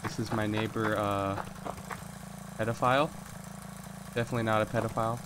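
A man's voice: fairly low pitch, level tone, fairly quick, noisy background. A young man giving joking, rambling let's play commentary into a desk mic. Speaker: gaming commentator. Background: game music.

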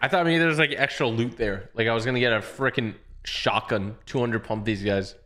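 A man's voice: mid-range voice, a little fast. A young man giving casual, joking commentary while playing a video game, teasing the characters and meowing along. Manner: playful, banters with the game, meows along loudly. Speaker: gaming YouTuber. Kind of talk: casual let's-play commentary.

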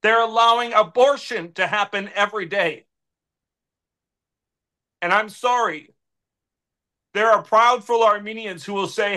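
A man's voice: sits high, measured pace, long pauses, pushed and bright. A man speaking as an interview guest, making an impassioned, preacher-like plea with repeated appeals to God. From United States. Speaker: guest, political adviser.

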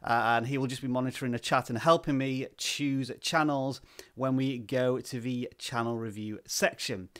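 Guy hosting a livestream at a desk mic, slow easy pace, lots of uh's while greeting chat. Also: medium pitch, clear, resonant tone. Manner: slow, relaxed, deliberate pace with frequent "uh" fillers. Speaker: livestream host. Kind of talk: live-stream chat, reading out viewer names. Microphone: desk microphone.

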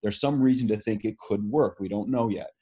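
A man's voice: on the low side, a little fast, warm tone, breathy edge. A man, speaking as an interviewed scientist, explaining earnestly with many fillers and restarts. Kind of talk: video call interview.

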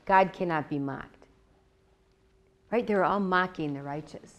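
A woman's voice: lowish voice, unhurried. A woman teaching a Bible lesson in a conversational way. She often repeats her phrases and checks in with her listeners, and she acts out the words she quotes. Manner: animated, acts out God's words.

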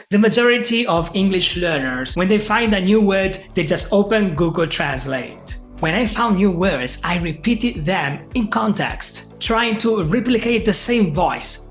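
A man in his thirties with an Italian accent, giving an upbeat, scripted English lesson straight to the viewer. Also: sits high. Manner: upbeat, direct, encouraging. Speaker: English teacher.

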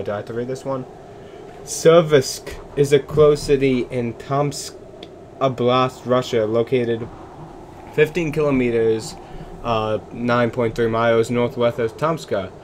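A man commenting nervously as he plays a game, sliding between quiet muttering and sudden exclamations. His voice sits in an ordinary middle pitch. A steady air-conditioner hum stays clearly audible behind him. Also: low-quality recording. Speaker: let's play gamer. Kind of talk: gaming commentary.

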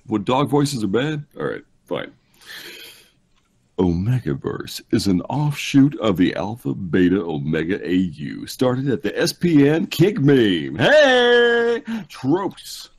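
A man co-hosting a comedic live podcast, sarcastic and mock-excited as he reads out a list. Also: fairly low pitch, slow pace, slightly rough. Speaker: podcast co-host.

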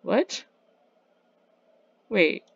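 A woman's voice: drawn-out words, highs cut off. A woman giving casual gameplay commentary, playfully trash-talking the characters in her game. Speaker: gaming channel host. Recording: loud background noise.

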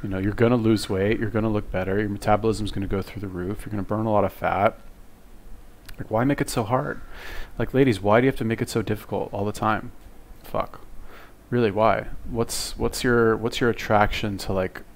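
Blunt guy ranting about a video, low gravelly voice, kinda cussy and fed up. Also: steady tone, brisk. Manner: blunt and profane, lecturing, exasperated. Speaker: commentator reacting to a video. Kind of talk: casual reaction commentary.

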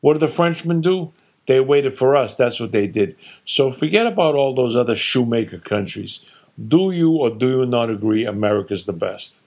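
A man's voice: medium pitch, expressive, moderate pace. A man voicing a blustering, combative older father who rants emphatically and scornfully, in a story he reads aloud. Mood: ranting. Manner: loud, emphatic, scornful ranting. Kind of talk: storytelling reading with character voices.

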